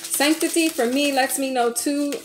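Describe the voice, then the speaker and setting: A woman with a high, bright-sitting voice reads tarot cards aloud, pressing her points with repeated okays and pet names like baby and honey. The sound is roomy and echoey. Faint household noise hums underneath. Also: fairly even intonation, moderate pace. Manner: coaxing, emphatic, calls listener baby and honey. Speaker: tarot reader. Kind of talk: tarot reading monologue.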